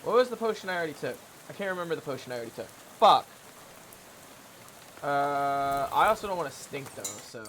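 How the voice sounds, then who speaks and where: A man's voice: on the high side, sing-song, fairly quick, fairly bright tone, a little hiss or hum. A man casually commenting while playing a video game, swearing and mumbling asides. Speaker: let's-play gamer.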